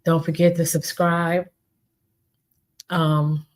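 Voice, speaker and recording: A woman with a low voice hosts a solo podcast. She speaks slowly and earnestly, and she pleads with her listeners, often repeating herself. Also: flat delivery. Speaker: podcast host. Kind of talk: heartfelt solo podcast talk.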